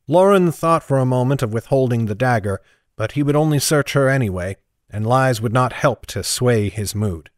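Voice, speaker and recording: A man narrates a fantasy novel as an audiobook, telling the story in a steady, even manner. His voice sits in the mid-range and moves at a moderate pace. The scripted reading is recorded dry, with studio quality.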